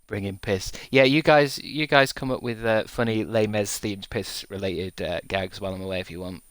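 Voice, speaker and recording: With a lowish, smooth, somewhat bright voice at normal speed and no echo, a thirty-something male streamer chats casually to his live stream. He rambles through crude jokes, frequently cracking himself up.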